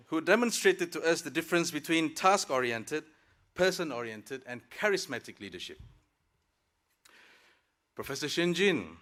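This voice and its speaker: Bright and forceful, this slightly high male voice belongs to the student speaker at a graduation, a working professional in his thirties. He gives a formal, prepared speech at the podium mic, dotted with light jokes.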